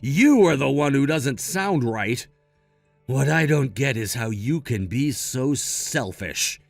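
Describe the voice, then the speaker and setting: A man's voice: medium pitch, lively intonation, slow pace, creaky, no room sound, heavily acted. A man voicing a level-headed, protective son in a read-aloud text-message story, firm and matter-of-fact. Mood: scolding. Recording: dry close mic with faint music.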